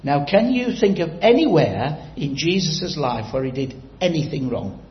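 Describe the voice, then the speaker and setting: Lively, echoey preacher man. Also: fairly high pitch, normal speed, lo-fi sound. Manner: storytelling, quizzing the congregation directly. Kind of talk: sermon.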